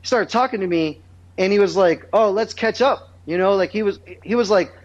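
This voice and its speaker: A man's voice: sits high, brisk. A man guest in casual conversation, telling long rambling stories full of fillers and restarted sentences, with a dull lo-fi sound. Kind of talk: casual storytelling chat.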